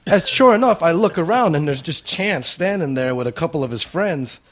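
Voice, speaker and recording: A man co-hosting a podcast, telling stories in casual chat in an animated way and swearing freely. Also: a little high, a little fast. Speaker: podcast co-host.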